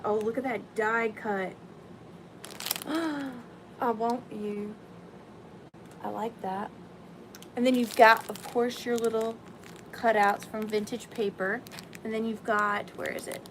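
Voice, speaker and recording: A woman hosting a live-stream sale, chatting excitedly and greeting viewers by name. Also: mid-range voice, measured pace, noisy background. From Southern US.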